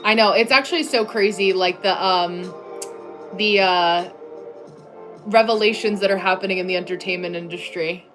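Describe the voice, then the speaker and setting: Faint music sits behind a woman's medium-pitched, fairly bright voice at a moderate pace. The livestream host, from the United States, chats casually with viewers at her home desk, saying "like" often and laughing a lot.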